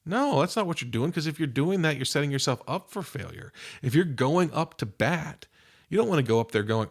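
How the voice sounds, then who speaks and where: A man's voice: fairly high pitch, lively intonation, fairly quick. A middle-aged man, a mental performance coach, explaining breathing and reset routines on a podcast in an encouraging coaching tone. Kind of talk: podcast instruction.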